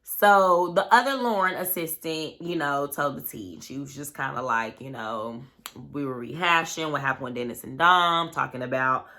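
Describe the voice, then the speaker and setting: A woman vlogger with a deep voice and a sharp tone recaps a reality show at a normal pace. She tells it like a casual story, loose and chatty, packed with "like" and "you know what I'm saying."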